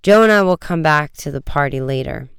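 Guy reading as a teen boy detective, firm and bossy, clean smooth voice. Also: a little high, animated, fairly quick, fairly bright tone, dry recording, clean studio sound. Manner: firm, commanding. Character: quick-witted teenage boy detective Frank.

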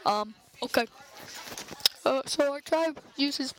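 A woman's voice: high voice, slow pace. A woman hosting an improvised homemade comedy show, rambling with many fillers as she plays out a silly adventure. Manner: rambling, full of fillers, switching between silly voices. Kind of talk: improvised solo comedy play. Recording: background noise with clicks.

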